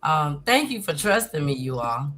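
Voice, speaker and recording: A woman hosting an online interview, gently encouraging her guests and calling them by name over a video call. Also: low-pitched, very animated, moderate pace, crowd noise. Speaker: talk show host.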